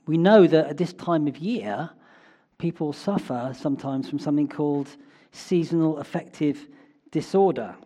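A man preaching a sermon in a church, reflective and often pausing with small fillers. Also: on the high side, darkish tone.

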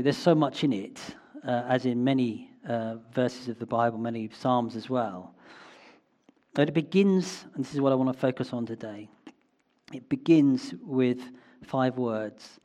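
A man preaching a sermon in a church, reflective and often pausing with small fillers. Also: mid-range voice, a little mellow.

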